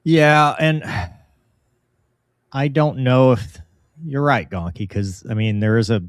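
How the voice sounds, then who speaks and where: A man co-hosting a casual live talk show, reading viewer comments and reflecting in a halting way with frequent restarts. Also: mid-range voice, clean tone, dry recording, studio quality. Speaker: co-host reading viewer chat.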